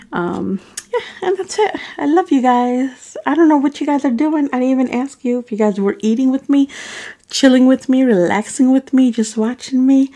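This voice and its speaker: Woman vlogger doing shout-outs, calls everyone baby boo, trips on names. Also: fairly high pitch. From Arab. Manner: stumbles over names. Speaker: mukbang vlogger. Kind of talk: casual shout-outs to viewers.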